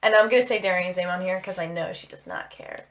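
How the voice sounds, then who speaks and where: A young adult woman from the Philadelphia area, co-hosting a casual podcast and telling rambling, animated stories full of "like". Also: lowish voice, fast talker. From Philadelphia area, USA. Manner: rambling, animated storyteller with heavy "like" fillers. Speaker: podcast co-host. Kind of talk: casual chat.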